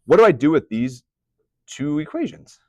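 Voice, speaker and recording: A man's voice: fairly high pitch, sing-song, moderate pace, warm tone, dry recording, clean studio sound. A young man teaching a math class, chatty, often putting questions to the students. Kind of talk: classroom lecture.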